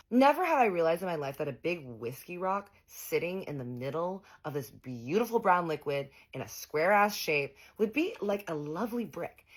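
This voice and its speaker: Young woman vlogger with a low voice, dramatic and foul-mouthed storytelling on a phone camera. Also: a bit bright, breathy edge. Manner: dramatic, profane, sassy storytelling. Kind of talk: casual storytelling to viewers.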